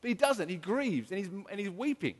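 A man's voice: high-pitched, big pitch swings, brisk, darkish tone, slightly rough. A middle-aged man preaching an earnest, emphatic sermon as a pastor, often restarting his sentences. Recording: long hall reverb.

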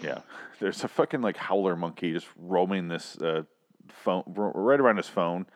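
A man's voice: deep voice, normal speed, no room sound, clean studio sound. A man co-hosting a podcast in casual comedic chat, joking crudely and often slipping into mock voices. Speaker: podcast co-host.

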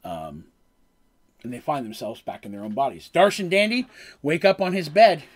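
A man's voice: on the high side, huge pitch swings, normal speed. A man casually recapping a tabletop game session as game master, rambling with fillers.

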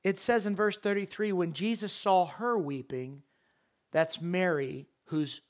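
Emphatic high-pitched male preacher. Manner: emphatic, repeats key phrases for weight; reads scripture verses aloud and explains them. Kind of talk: sermon.

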